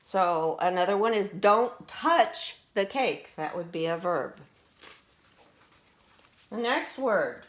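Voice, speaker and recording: A woman teacher slowly explaining vocabulary words, their parts of speech and syllables, in a deliberate classroom manner. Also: medium pitch. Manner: slow and deliberate, explaining word by word. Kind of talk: vocabulary lesson.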